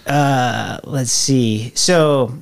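A man's voice: mid-range voice, very slow, gravelly, clean tone. A man chatting casually as a podcast guest, from the American South, telling stories in a laid-back, rambling way full of fillers and laughs. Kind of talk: casual chat.

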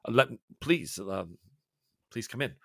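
A man's voice: mid-range voice, expressive, measured pace, gravelly, a bit bright, no room sound, studio quality. A man voicing a nervous, deferential butler who speaks formally and stammers. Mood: nervous deference.

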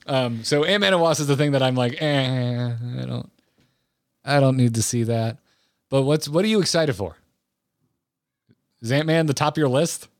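A man's voice: mid-range voice, moderate pace, long pauses, no room sound, clean studio sound. A man co-hosting a podcast, chatting casually and eagerly about films, rambling with many restarts. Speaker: podcast co-host. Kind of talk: casual movie chat.

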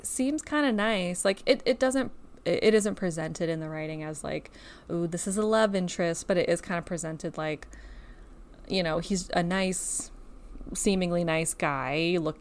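A woman's voice: on the low side, normal speed. A woman co-hosting a casual book podcast, recapping a story in a chatty way with lots of filler words. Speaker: podcast co-host.

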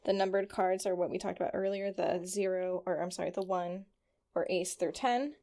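A woman's voice: fairly low pitch, fairly even intonation, normal speed, gravelly, mellow. A young woman co-hosting a casual podcast, reading from her notes with frequent ums and stumbles over hard words. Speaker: podcast co-host.

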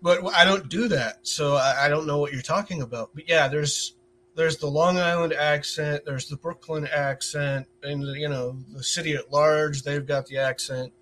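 A man with an upstate New York accent speaks as a guest on a podcast, his voice a little higher than most. He chats freely, tells little stories and laughs easily. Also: steady tone, a bit bright, a little hiss or hum. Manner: chatty, quick to laugh, tells anecdotes. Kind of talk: casual chat.

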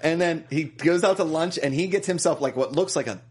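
A man co-hosting a casual movie chat, animated and jumping into loud character voices. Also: on the high side, brisk, breathy edge. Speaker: podcast co-host.

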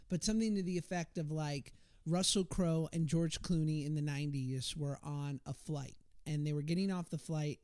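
A man's voice: fairly high pitch, darkish tone, dry recording. A man in his thirties telling stories as a podcast guest, chatty and self-deprecating, with many restarts. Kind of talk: casual storytelling on a podcast.

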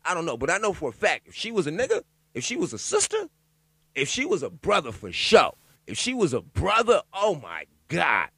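A man talking alone in a loud, profane, joking commentary, riffing on a news story and reading parts of it aloud haltingly. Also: on the high side, vocal fry, husky, no room sound. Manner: loud, profane, animated riffing with laughs and asides. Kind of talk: casual profane commentary monologue.

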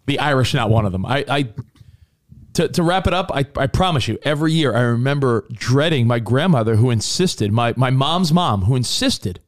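A married man co-hosting a casual chat, telling rambling stories with animated bursts. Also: medium pitch, moderate pace. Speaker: co-host.

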